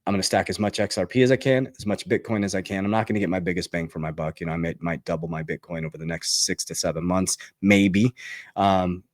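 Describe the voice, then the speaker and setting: Fired-up low-voiced man coaching finance. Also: fast, dry recording, clean studio sound. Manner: emphatic, repeats key phrases, fired up. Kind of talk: motivational finance monologue.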